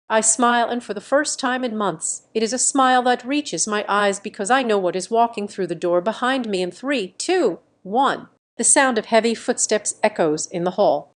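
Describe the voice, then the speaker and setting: A woman narrating a first-person drama story in a calm, measured, dramatic way. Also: mid-range voice.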